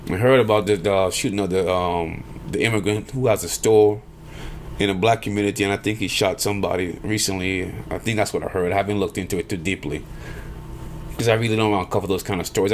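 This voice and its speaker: A middle-aged man giving rambling, animated opinion commentary on his vlog, acting out the voices he quotes. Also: fairly low pitch, a little hiss or hum. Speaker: vlogger.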